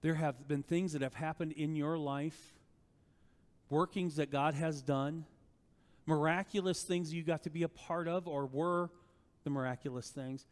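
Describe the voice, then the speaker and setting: A male pastor preaching a sermon in a conversational, animated way, often asking rhetorical questions of the congregation. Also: on the high side, a little slow, big-room sound.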